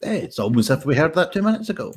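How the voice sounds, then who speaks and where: A man's voice: on the high side, big pitch swings, very fast, breathy edge. A man hosting an online pun contest with cheery, upbeat banter. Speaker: host.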